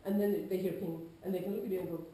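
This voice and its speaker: A woman with a Nordic accent gives an informal lecture, lively and chatty, now and then acting out players with loud calls. Her voice is mellow and dark in tone. The room is hard and echoey around her. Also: lowish voice, fast. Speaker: lecturer on larp safety.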